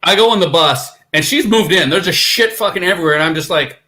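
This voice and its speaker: Man, band guest, bright voice, swearing, animated storytelling. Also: on the high side, fast talker, hardly any pauses. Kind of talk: casual storytelling.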